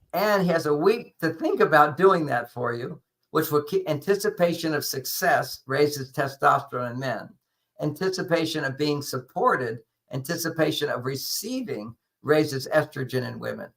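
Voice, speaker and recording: Gravelly bright-voiced older man telling stories. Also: a little high, low-quality recording. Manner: animated anecdotal explaining, acts out quoted lines. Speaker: guest author on relationships. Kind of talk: storytelling interview answer.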